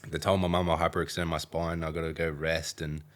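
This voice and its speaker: A young man with an Australian accent and a very low voice tells a story in a casual interview. He rambles, piles on fillers and acts out what people said. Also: level tone, quick pace, fairly bright tone. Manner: rambling, filler-heavy retelling with acted-out quotes. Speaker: podcast guest, athlete.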